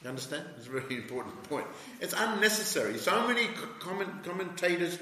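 A man giving a scripture lecture, halting with many fillers and restarts, then pressing his points emphatically. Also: fairly high pitch, big pitch swings, pushed and bright. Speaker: spiritual teacher giving a scripture class. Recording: echoey hall with long reverb.

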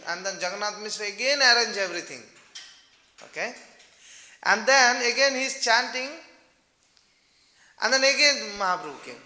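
A man tells a devotional story in a relaxed, conversational manner, with plenty of fillers. His voice is high and bright. It echoes through a large hall with a long reverb tail. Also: normal speed, long pauses.

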